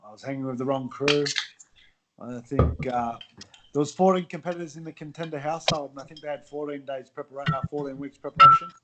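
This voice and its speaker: A middle-aged former athlete with an Australian accent appears as a guest on a podcast, chatting casually about his story. His voice is on the high side and he talks fast, candid and blunt with some swearing, over a very noisy recording.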